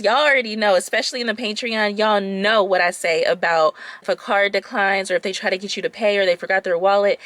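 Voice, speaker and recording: A woman tells a story to her audience in a loose, animated, chatty way. Her voice sits at an ordinary middle pitch. The recording is close and dry, with almost no room echo. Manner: chatty, animated, talks straight to the viewers. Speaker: vlogger telling a dating story. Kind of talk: casual storytime chat.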